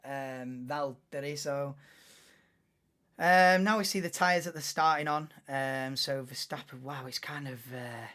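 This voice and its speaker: Hosting a livestreamed race watchalong, a man rambles casually with lots of fillers and restarted sentences. His medium-pitched voice is bright and forceful, and he speaks a little slowly.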